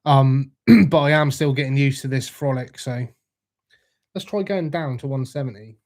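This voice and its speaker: A man's voice: mid-range voice, normal speed, darkish tone. A British man hosting a casual livestream, answering viewer comments with laid-back, jokey banter and frequent swearing. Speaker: livestream host. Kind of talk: casual live chat reading comments.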